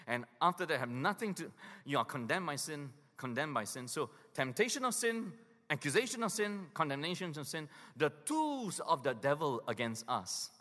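A man preaching with a lively, swooping delivery, his voice pitched a little high. He presses hard on key words, then sinks into quiet, grave lows. A long hall reverb trails every phrase. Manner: emphatic preaching, swinging between loud urgency and hushed lows. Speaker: pastor. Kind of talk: sermon.

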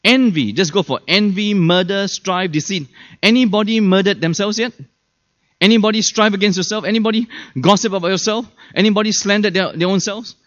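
Pastor, conversational sermon, fairly high voice, dull lo-fi recording. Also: male voice, fairly quick, fairly bright tone. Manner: conversational, asks the audience rhetorical questions; acts out quoted people in shifted voices.

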